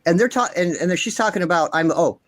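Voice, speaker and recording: Talking fast in a high, slightly bright voice, a commentary channel host vents with fiery indignation, cursing freely and hammering home the same points repeatedly. The recording has no room sound.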